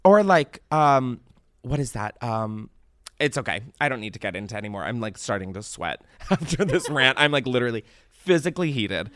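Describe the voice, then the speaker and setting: A young man hosting a podcast, chatting casually and ranting with animated, profane exasperation. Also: medium pitch, normal speed, dry recording. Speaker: podcast host.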